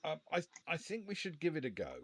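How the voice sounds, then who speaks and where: Man, mid pitch, lively delivery, dry wit, reads gamebook text for a live stream; faint hiss. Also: fast talker. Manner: dry, wry understatement. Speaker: co-host reading the gamebook. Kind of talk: casual live-stream gamebook play-through.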